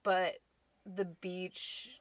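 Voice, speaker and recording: A woman's voice: lowish voice, little pitch movement, very slow, dry recording. A woman co-hosting a podcast in casual chat, chatty, laughing often, with many fillers. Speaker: podcast co-host.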